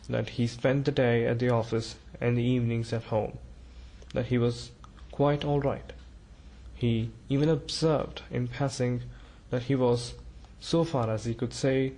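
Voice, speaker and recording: A man narrating a classic novel as an audiobook, reading in a measured, even way. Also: mid-range voice, low-quality recording.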